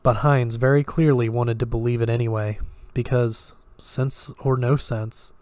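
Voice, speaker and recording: Man reading a horror story, steady and flat. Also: medium pitch, no room sound. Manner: measured and steady, with occasional slips. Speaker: story reader.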